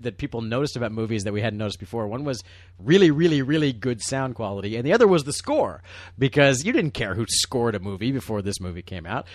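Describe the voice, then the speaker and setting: A man's voice: medium pitch, no echo. Dry-sounding chatty male film commentator. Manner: rambling, restarts sentences, animated storytelling. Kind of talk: casual commentary chat.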